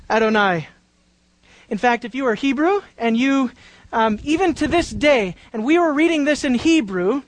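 A woman's voice: high-pitched, dry recording, low-quality recording. A woman preaching a Bible-teaching sermon, drawing out key words for emphasis and putting questions to the congregation.

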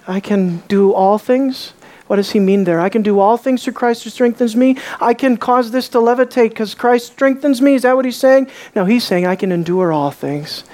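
Emphatic woman preaching a sermon. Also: on the high side. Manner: emphatic, asks the congregation questions, swings between loud and hushed.

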